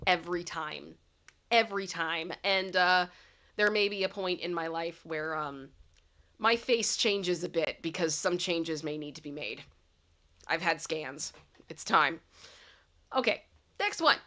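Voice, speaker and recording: Woman livestream host, bright voice, congested from a cold, chatty. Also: fairly low pitch, a little slow, long pauses. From Canada. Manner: chatty, reads song-lyric riddles aloud to chat. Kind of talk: casual livestream chat.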